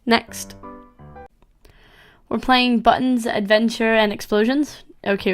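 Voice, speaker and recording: A woman's voice: on the high side, unhurried, faint music behind. A woman hosting a gameplay video, chatting casually with fillers and reading a story aloud. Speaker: game video host.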